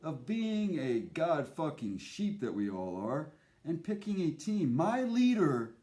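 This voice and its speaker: Intense man preaching slowly. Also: on the high side, very animated, mellow. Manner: intense, emphatic, repetitive. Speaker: speaker. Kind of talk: impassioned spiritual monologue.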